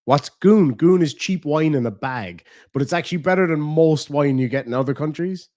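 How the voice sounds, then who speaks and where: A man's voice: a little high, moderate pace, a little mellow, no echo. Irish male streamer, casual and profane, easygoing chatter, dead-dry mic. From Ireland. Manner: profane, chatty, laid-back. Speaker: reaction streamer. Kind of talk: casual rambling chat to viewers.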